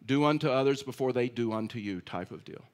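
A man's voice: medium pitch, a little fast. A male pastor preaching a sermon in a conversational, storytelling way with self-deprecating humor. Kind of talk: sermon with personal stories.

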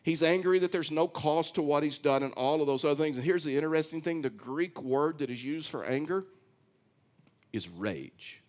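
A man's voice: on the high side, a little fast, hardly any pauses, a little mellow. Man preaching with emphatic repetition. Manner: emphatic preaching, repeats phrases, often says "listen"; reads scripture aloud, then comments on it. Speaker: pastor. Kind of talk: sermon.

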